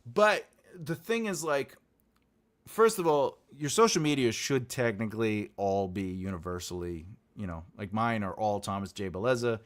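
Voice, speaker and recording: On his live writing stream, this man, a writing teacher and show host, talks casually with viewers at normal speed in a fairly low-pitched voice. He is animated and rambling, laughing frequently and playing out other people's quotes.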